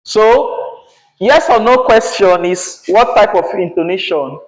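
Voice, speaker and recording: Man, teacher, unhurried delivery, echoey classroom. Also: sits high, slight background noise. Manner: patient, checks in with frequent "yeah?" and "right?".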